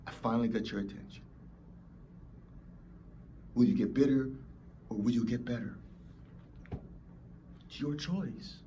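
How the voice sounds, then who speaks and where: A man's voice: mid-range voice, measured pace, pauses often, warm tone, slight background noise. A man hosting a motivational podcast, preaching emphatically and acting out whiny complainers. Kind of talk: motivational talk.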